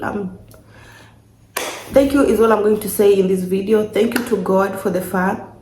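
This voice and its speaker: A woman's voice: mid-range voice, fairly even intonation, normal speed, pauses often, dark tone. A young woman, vlogging as she unboxes gifts, gushing and repeating herself emotionally. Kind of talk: casual vlog, unboxing gifts. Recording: echoey room, faint noise.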